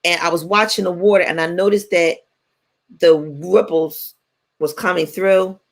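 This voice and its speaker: A woman in her forties, co-hosting a radio talk show and telling stories in a playful, animated way. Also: fairly low pitch, a little slow, creaky. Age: 40s. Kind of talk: casual chat.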